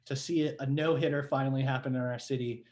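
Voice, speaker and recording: A man's voice: mid-range voice, steady tone, fast, darkish tone. A man from San Diego, a guest on a podcast, talking casually and enthusiastically. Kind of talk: casual interview chat.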